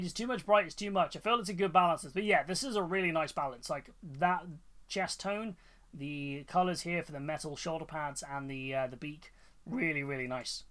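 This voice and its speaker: A man's voice: on the high side, a bit bright. A man hosting a livestream, chatting casually and enthusiastically about painted miniatures, rambling with fillers and restarts. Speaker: livestream host. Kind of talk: casual chat reacting to viewers' miniatures.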